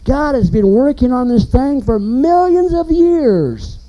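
An animated man preaching an informal sermon, his voice dark and mellow. His pitch swings widely as he drives points home with emphasis. He keeps asking the listeners questions. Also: slow pace, lo-fi sound.

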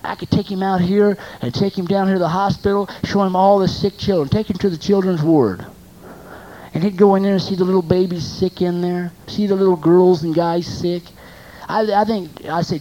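A preacher delivering a sermon, asking the congregation rhetorical questions and repeating phrases for emphasis, moving between loud emphasis and soft asides. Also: mid-range voice, normal speed, dull audio.

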